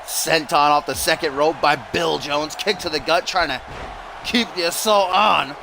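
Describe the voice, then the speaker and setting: An excitable man calls a wrestling game live on a stream, his voice sitting on the higher side and jumping up into shouts when the action spikes. There is clear background noise under the whole recording. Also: measured pace. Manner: excitable, often rising to shouts on big moves. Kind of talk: live-stream play-by-play commentary.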